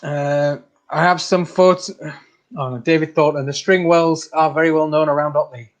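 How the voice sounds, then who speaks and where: A man's voice: on the high side, steady tone, normal speed. A man hosting a casual livestream, reading out viewer comments, laughing often and calling people mate. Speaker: channel host.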